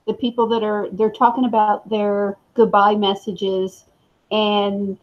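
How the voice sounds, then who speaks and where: Laid-back woman co-host, very slow delivery, lo-fi muffled sound. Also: a little high, a little mellow. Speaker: podcast co-host. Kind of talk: casual live-stream chat. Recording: muffled lo-fi audio.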